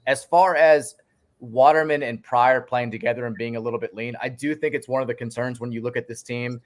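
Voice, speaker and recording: A guest sports writer with a medium-pitched voice talks college basketball in a casual podcast chat, speaking a little fast. He's an animated storyteller who restarts his sentences many times.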